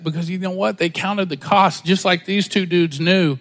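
A man's voice: a little high, normal speed, few pauses, a bit bright. A man pastor preaching a sermon in a casual, storytelling way, acting out the voices of people he quotes. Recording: long hall reverb.

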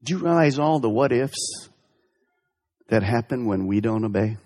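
A man's voice: mid-range voice, animated, normal speed, darkish tone, in a large hall. A male pastor preaching a sermon with emphatic delivery, asking the congregation direct questions.

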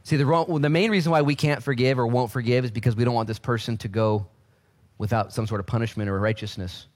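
A man's voice: medium pitch, fairly even intonation, fast talker. A man in his thirties preaching a sermon as pastor, with joking asides and acted-out voices.

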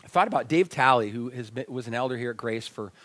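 A male pastor preaching a sermon with personal stories, animated and telling them with feeling, sometimes dropping almost to a whisper. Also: medium pitch, quick pace. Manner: animated, acts out quoted dialogue, drops to near whispers. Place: church sanctuary.

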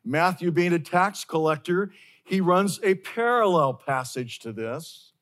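Male pastor, slightly high voice, slow and earnest sermon delivery that repeats key phrases. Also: expressive, fairly bright tone.

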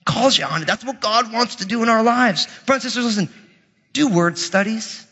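Pastor, male, high voice, energetic humorous sermon, big church reverb. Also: normal speed. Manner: energetic, humorous, conversational preaching. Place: church sanctuary. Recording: muffled audio with long hall reverb.

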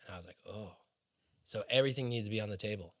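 A man being interviewed, telling a long personal faith story in a casual, animated way and dropping low and quiet when he quotes others. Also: rapid-fire. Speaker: interview guest, snowboarder.

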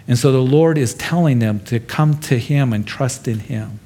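A male pastor works through a passage verse by verse in an easy, conversational manner. His voice sits at an ordinary middle pitch for a man, and he speaks straight to the listeners as if in a chat. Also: normal speed, hardly any pauses, mellow, breathy edge. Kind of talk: expository sermon.

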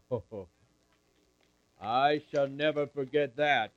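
A man's voice: mid-range voice, expressive, slow pace, pauses often, a little mellow, no echo, lo-fi sound. A man at a camp meeting, telling a Bible story in character in the first person and calling up audience volunteers. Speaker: camp speaker.

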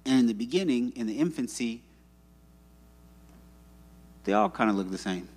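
A man's voice: mid-range voice, animated, normal speed, darkish tone, breathy edge. A man preaching a sermon in a church, in a conversational, joking storyteller manner. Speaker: pastor. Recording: long reverb in a hall.

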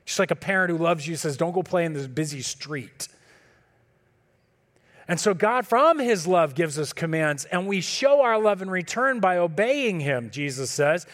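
A man preaching a sermon in a relaxed, conversational way, acting out talks with his kids. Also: a little high, moderate pace. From California. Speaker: pastor.

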